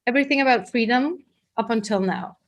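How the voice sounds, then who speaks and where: A fairly high-voiced woman leads a live group class as its teacher. She talks in a chatty, guiding way, often restarting her sentences as she goes. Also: brisk. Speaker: workshop teacher.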